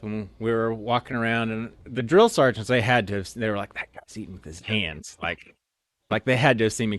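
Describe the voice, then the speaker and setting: A man's voice: mid-range voice, a bit bright, dry recording. A young man from Oklahoma, an officer candidate, casually telling a rambling story full of "like" and restarts. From Oklahoma, USA. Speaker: interview guest, officer candidate.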